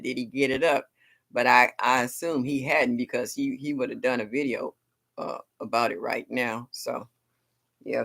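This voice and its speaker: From her home in Ohio, a woman with a fairly bright bass voice hosts a casual gardening livestream. She chats expressively and reacts out loud to viewers' comments.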